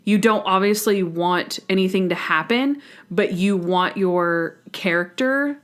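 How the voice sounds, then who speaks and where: A woman's voice: medium pitch, unhurried. A woman co-hosting a podcast in casual chat, talking eagerly and acting out quoted lines. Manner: chatty, enthusiastic, acts out quotes. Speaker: podcast co-host.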